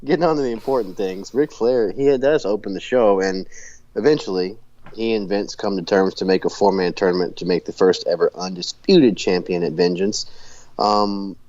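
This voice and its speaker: A man's voice: low-pitched, normal speed, darkish tone, muffled recording. A man co-hosting a podcast, recapping in casual chat and rambling with lots of fillers and restarts. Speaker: podcast co-host.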